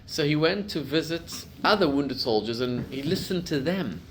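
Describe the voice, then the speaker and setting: A middle-aged man, a rabbi, giving a class to a live group, telling stories and building to loud emphatic peaks. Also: fairly high pitch, animated, normal speed, slight background noise.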